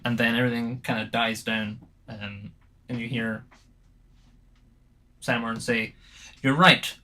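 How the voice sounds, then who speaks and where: Game master guy rambling thru the scene, bright voice, lots of um and like. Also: medium pitch, level tone, measured pace. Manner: rambling, filler-heavy. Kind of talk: narrating a tabletop game.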